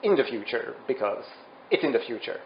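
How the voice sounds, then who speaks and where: A man's voice: medium pitch, very animated, a little fast, vocal fry, a little hiss or hum. A man narrating a comedic dramatic reading with over-dramatic, melodramatic delivery. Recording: roomy, dull lo-fi sound. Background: music.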